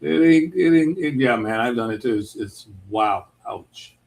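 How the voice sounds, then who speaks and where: A man from Chicago with a Chicago accent, chatting casually with viewers while drawing on a livestream, laid-back and quick to laugh. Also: medium pitch, lively intonation, gravelly, a little mellow. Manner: laid-back, laughs often, restarts sentences. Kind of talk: casual chat.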